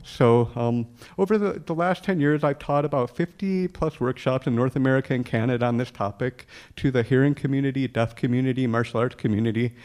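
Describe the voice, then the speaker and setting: A man's voice: medium pitch, fairly quick, few pauses. A man telling a personal story to an audience in a humorous way, often chuckling as he talks. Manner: acts out dialogue with lively quoted voices.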